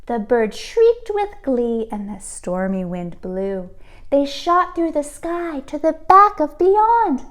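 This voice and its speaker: A woman teacher reading a storybook aloud to children, expressive and pausing to ask the listeners questions. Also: high-pitched.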